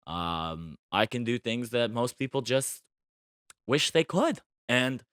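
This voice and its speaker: A man's voice: medium pitch, sing-song, slow, a bit bright, dry recording, clean studio sound. A man hosting a solo podcast in a casual, playful style, boasting tongue-in-cheek and chatting loosely about the news. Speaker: podcast host.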